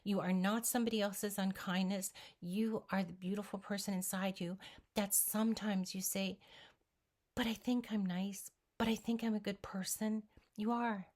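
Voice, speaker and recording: A weight-loss vlogger gives an earnest, emphatic motivational talk, speaking directly to the viewer. Her voice is medium-pitched and darkish, steady in tone, at a normal speed.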